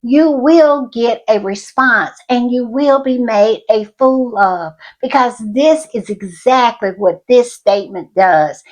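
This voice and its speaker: A woman with a drawl talks in an unhurried, gushing way, piling up yeses and "I love it." Her voice sits a little high, and she keeps turning to her viewers with y'all. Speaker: commentary channel host. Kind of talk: enthusiastic fan commentary.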